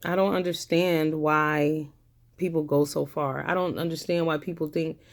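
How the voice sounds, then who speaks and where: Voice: medium pitch, flat delivery, normal speed. A vlogger ranting to camera in a casual, blunt, profane way, sounding indignant.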